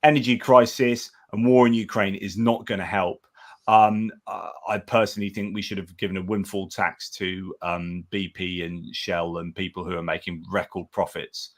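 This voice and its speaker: A man's voice: low-pitched, flat delivery, normal speed. A man hosting a casual election-night live stream, talking in a rambling way with many restarts and reading out viewer comments.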